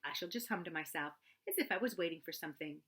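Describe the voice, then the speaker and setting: A woman voicing a slow, gentle, simple-minded male bear who talks in a ponderous way. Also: low voice, animated, a little hiss or hum. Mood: calm.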